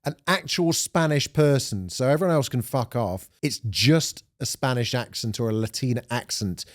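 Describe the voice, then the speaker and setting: A man's voice: mid-range voice, lively intonation, moderate pace. A man co-hosting a casual chat podcast, reading out listener messages with plenty of swearing. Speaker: podcast co-host.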